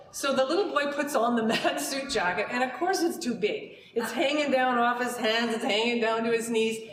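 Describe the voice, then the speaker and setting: A woman telling a folk tale aloud to children and families in a lively, chatty way, with asides to the listeners. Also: fairly high pitch, slight background noise. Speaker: storyteller. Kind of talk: oral storytelling for children and families. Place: community centre room before a live audience. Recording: roomy hall recording from a distance.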